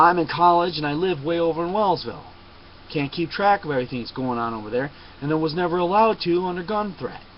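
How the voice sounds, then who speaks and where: A man telling a long personal story to a webcam, emphatic and insistent, often digressing. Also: a little high. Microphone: webcam mic. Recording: dull lo-fi webcam audio with faint noise.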